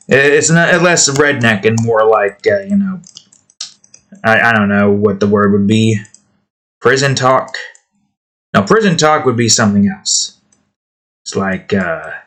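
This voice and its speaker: A man's voice: fairly low pitch, lively intonation, unhurried, pauses often, fairly bright tone. A man hosting his own art channel, chatting casually while he draws, rambling and trailing off. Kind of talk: casual talk while drawing.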